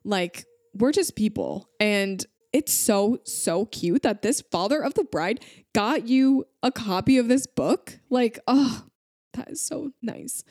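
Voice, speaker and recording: A woman's voice: on the high side, expressive, slow, a little mellow, no echo, clean studio sound. A woman in her thirties hosting a podcast, reading out listener stories and gushing over them in an emotional, chatty way with lots of fillers. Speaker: podcast host. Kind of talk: reading listener stories aloud, casual chat.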